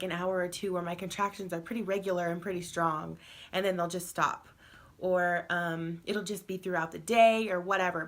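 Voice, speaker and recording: A young woman, heavily pregnant and tired, chats through a casual vlog update. Her voice is bright and clear, her talk loose and rambling with lots of fillers, and she laughs easily. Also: lowish voice. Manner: chatty, rambling, laughs often, many fillers. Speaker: vlogger.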